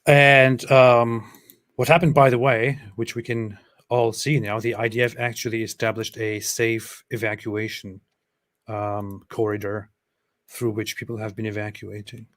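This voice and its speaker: Flat, dry-voiced man hosting a livestream. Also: on the low side, measured pace. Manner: flat, dry, sarcastic asides. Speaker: livestream co-host. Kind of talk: casual livestream reaction chat.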